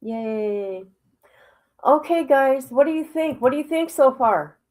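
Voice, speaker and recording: A woman hosting a casual livestream, reading a report aloud haltingly and breaking off with exclamations and asides to her viewers. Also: high-pitched, animated, darkish tone, rough recording. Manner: drops into whispers at times. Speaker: livestream host.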